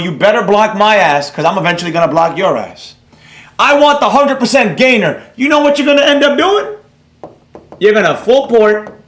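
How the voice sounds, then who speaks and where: A man's voice: high voice, a bit bright, echoey room. A man hosting a trading livestream, talking bluntly and brashly with some swearing while he reads out the chat. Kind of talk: live-stream rant, reading chat aloud.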